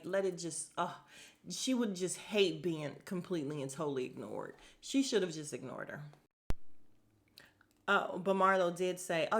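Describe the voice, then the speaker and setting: A woman's voice: medium pitch, a bit bright. A woman hosts a casual podcast and recaps a reality show. She talks bluntly and gossipily, with a sarcastic edge, and speaks straight to her audience. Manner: blunt, gossipy, sarcastic, addresses listeners as y'all.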